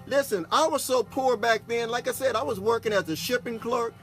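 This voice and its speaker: Soft music plays beneath a Texas pastor and broadcast host as he recounts a personal story, talking a little fast in a very high voice with a fairly bright tone. He keeps it casual and folksy, frequently turning to the audience with "okay?"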